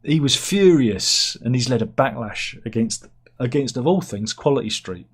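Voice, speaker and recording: A man's voice: medium pitch, normal speed, breathy edge. A man hosting a casual satirical news chat, rambling and interrupting himself with asides. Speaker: host reading news stories.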